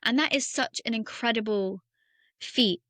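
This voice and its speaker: A woman's voice: a little high, measured pace, fairly bright tone, no room sound, clean studio sound. Woman explaining things on a podcast. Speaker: podcast co-host. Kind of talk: casual chat.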